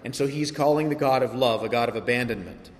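A man's voice: medium pitch, fast. Earnest man preaching in a reverberant hall. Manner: earnest preaching, building to emphatic peaks, rhetorical questions. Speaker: pastor. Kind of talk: sermon.

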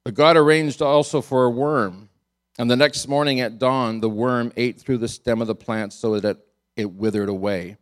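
A man preaching a sermon as pastor. He tells the story in an animated, amused way, chuckling often and repeating words as he drives a point home. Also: medium pitch, moderate pace.

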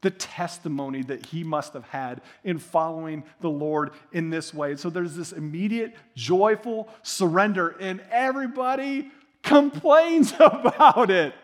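A male pastor preaching a sermon in a casual, conversational way, with animated asides and slang. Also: sits high, a little slow.

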